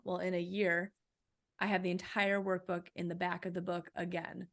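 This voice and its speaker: A woman with a low, gravelly voice answers interview questions about her book. She speaks in a flat, even line, gives practical coaching advice and keeps asking "right?". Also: normal speed. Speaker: author and guest.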